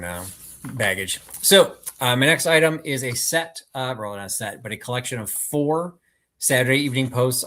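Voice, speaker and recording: A man co-hosting a live online sale, walking through his items one by one. He talks casually with a wry, self-deprecating humor, in a voice a bit lower than most men's. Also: a bit bright. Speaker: live sale co-host seller. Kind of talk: live-stream auction patter.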